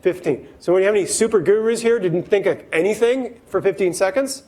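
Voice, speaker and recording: High-voiced man giving a keynote. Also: fast, poor audio. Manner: lively, acts out quoted voices, talks straight to the audience. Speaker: keynote speaker. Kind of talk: workplace keynote talk to a live audience.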